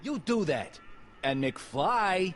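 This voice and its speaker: An actor playing a brash young gangster boss who barks threats and orders in a video game. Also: male voice, high voice, sing-song, very slow, a bit bright, exaggerated voice. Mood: bossy.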